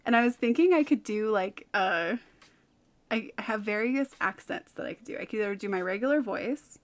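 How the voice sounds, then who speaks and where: A woman in her thirties from California, with a light Californian accent and an expressive, medium-pitched voice, chats casually as a streamer at normal speed. She rambles, giggling between fillers.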